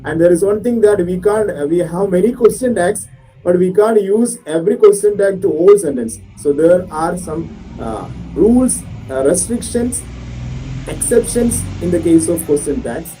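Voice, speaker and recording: A man's voice: high voice, animated, normal speed, dark tone, distant mic, faint music behind, rough recording. A male college English teacher with a Malayali English accent, patiently explaining grammar to a class and checking that students follow.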